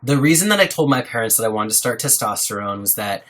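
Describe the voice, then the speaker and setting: A man's voice: lowish voice, expressive, fast, fairly bright tone. A young man hosting a casual livestream, talking earnestly and supportively to his viewers and reading out their names. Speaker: livestream host. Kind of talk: casual live-stream chat with viewers.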